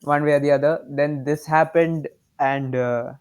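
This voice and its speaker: A man co-hosting a casual podcast, recapping an anime with animated enthusiasm. His voice sits a little high and sounds smooth and resonant. He leans on fillers while he tells the story. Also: measured pace. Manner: animated, filler-heavy retelling. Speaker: podcast co-host.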